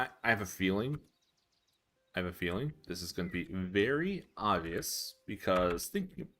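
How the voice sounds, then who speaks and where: Animated young man streaming live. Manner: animated, self-amused storyteller with laughs and squeaky pitch jumps. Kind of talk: casual live-stream chat while coding. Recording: faint music behind.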